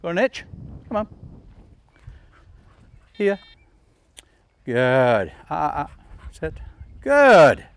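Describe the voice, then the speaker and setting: A man training a dog outdoors, explaining each step and calling the dog with calm, coaxing commands. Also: high voice, takes it slowly, vocal fry, long pauses. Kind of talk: instructional demonstration. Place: outdoors in a field.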